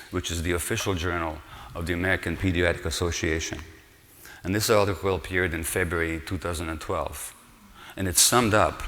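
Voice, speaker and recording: A man's voice: low-pitched, bright, forceful tone. An older man giving an earnest conference lecture in a large hall, explaining and posing rhetorical questions to the audience. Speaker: conference speaker, physician. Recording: long hall reverb.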